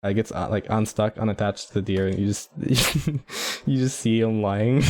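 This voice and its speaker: Rambling low-voiced man narrating gameplay. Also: steady tone, a little fast, dark tone. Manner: rambling, heavy use of "like" fillers, chuckling asides. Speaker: gameplay commentator. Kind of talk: casual game commentary.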